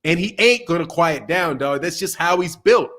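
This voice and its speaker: A man hosting a boxing channel live stream, ranting loudly and profanely and laughing often. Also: a little high, animated, normal speed. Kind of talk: casual live-stream rant.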